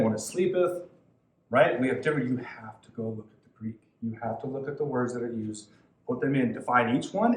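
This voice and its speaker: A man leading a youth Bible study, talking casually and excitedly, laughing often and jumping up in pitch when he quotes people. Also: reverberant, low-quality recording. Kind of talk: informal Bible teaching.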